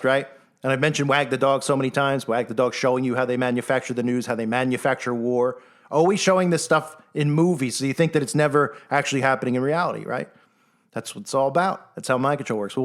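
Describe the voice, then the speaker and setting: A man giving a sarcastic, animated monologue commentary. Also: mid-range voice. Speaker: online commentator.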